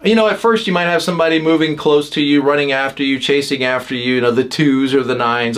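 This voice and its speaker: A man hosting a podcast, talking casually about personality types, with many fillers and quick acted-out lines from other people. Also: medium pitch, fairly even intonation, fairly bright tone. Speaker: podcast host. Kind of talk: casual teaching talk.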